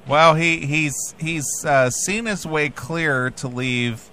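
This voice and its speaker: Slow, bright-voiced male radio host. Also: on the high side. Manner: laid-back, amused, crude. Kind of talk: casual radio talk.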